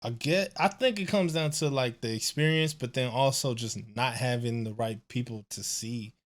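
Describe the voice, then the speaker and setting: A man's voice: mid-range voice, normal speed. Laid-back man hosting a streamed talk. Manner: laid-back, easygoing, chuckles between remarks. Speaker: streamer, show host. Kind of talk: casual conversation.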